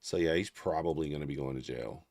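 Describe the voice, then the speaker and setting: A man's voice: very deep voice, fast, darkish tone, dry recording. A man hosting a live trading stream, thinking aloud in casual, half-murmured commentary. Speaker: trading livestream host.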